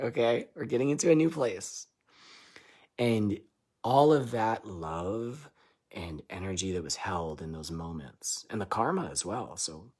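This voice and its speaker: Husky, low-pitched man; live spiritual channeler, irreverent and laughing, booming lines and muttered asides. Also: big pitch swings, normal speed. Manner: loose and irreverent, swearing and laughing between lines; swings between loud declarations and quiet asides.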